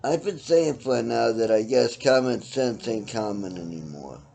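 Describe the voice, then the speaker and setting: A middle-aged man ranting his opinions bluntly and profanely, swinging from loud outbursts to low mutters. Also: expressive, unhurried, gravelly. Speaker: vlogger ranting to camera.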